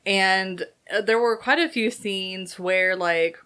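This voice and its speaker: A woman's voice: medium pitch, slow, sharp tone, smooth. A young woman co-hosting a movie review show in casual chat, playful and giggly with lots of fillers.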